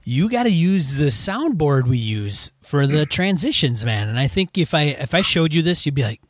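A man with a lively, swooping voice trading jokes as a podcast co-host. He wisecracks and swears casually, and the recording is dry and close. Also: fairly high pitch, no echo. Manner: wisecracking, quick to joke and swear.

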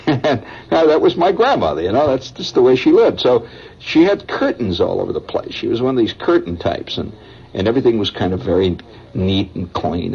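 A man's voice: low voice, darkish tone, breathy edge, muffled recording. Folksy male radio storyteller, vintage broadcast. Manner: folksy and conversational, with chuckles and asides to listeners. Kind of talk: rambling spoken storytelling.

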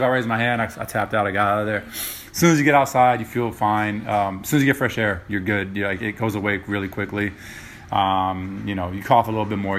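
A man's voice: fairly low pitch, fairly bright tone, a little hiss or hum. A young man hosting a casual solo podcast, rambling with lots of fillers and profanity. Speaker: podcast host.

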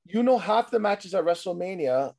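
A man with a voice gone hoarse, casually recapping a wrestling show with a friend, swearing freely and mimicking people in quick bits. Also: sits high, lively intonation, a crowd in the background. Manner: loose, profane, mimics people in quick bits, trails off mumbling. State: losing his voice. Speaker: podcast host recapping wrestling. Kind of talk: casual chat.

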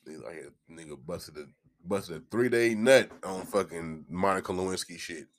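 Low-voiced man ranting profanely. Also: normal speed, no room sound, clean studio sound. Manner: profane, heated and joking, breaks into laughs. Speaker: podcast host. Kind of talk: casual podcast rant.

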